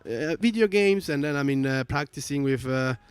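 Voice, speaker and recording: A man's voice: fairly high pitch, animated, normal speed, smooth, dry recording. Italian-accented man in casual chat. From Italy. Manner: rambling, filler-heavy, earnest. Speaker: stream co-host.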